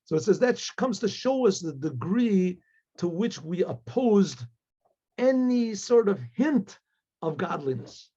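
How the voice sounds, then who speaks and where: High, husky rabbi telling a story. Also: male voice, animated, mellow. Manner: halting, many restarts and asides. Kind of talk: storytelling talk. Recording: dull lo-fi recording.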